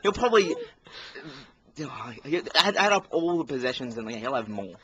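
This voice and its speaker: A man's voice: mid-range voice, big pitch swings, normal speed, bright, forceful tone, breathy edge. An Australian man co-hosting a casual sports podcast, ranting in an exasperated, rambling way. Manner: ranting, exasperated, talks over others. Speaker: podcast co-host. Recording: faint background noise.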